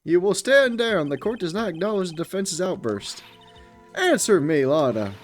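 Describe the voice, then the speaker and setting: A man's voice: high voice, very animated, moderate pace, faint music behind, pitched above the performer's own voice. A man voicing a stern, arrogant older prosecutor who speaks in cold commands. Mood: commanding.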